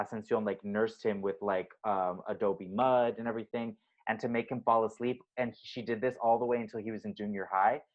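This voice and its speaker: A man with a lowish voice co-hosting a casual podcast chat, rambling through stories with plenty of ums and likes. The recording sounds a little dull and muffled. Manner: chatty storytelling with many fillers. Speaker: podcast co-host.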